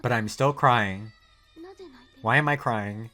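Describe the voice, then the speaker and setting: A woman's voice: a bass voice, slow, sharp tone, soft background music, heavily acted. A woman voicing a proud, lonely teenage girl pilot in an anime dub, speaking in defiant, clipped declarations. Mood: defiant, tearful.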